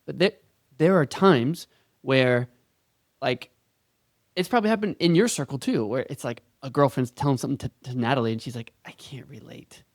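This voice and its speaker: A man's voice: medium pitch, expressive, moderate pace, no room sound, studio quality. Earnest man saying "dude" on a podcast. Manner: earnest, calls everyone dude. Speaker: podcast co-host. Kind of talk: casual podcast chat.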